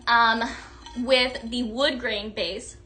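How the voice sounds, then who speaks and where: A woman's voice: fairly high pitch, steady tone, extremely slow, pushed and bright, soft background music. A young woman hosting a live-stream product demo, chatty and gushing, greeting viewers by name. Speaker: live sales host.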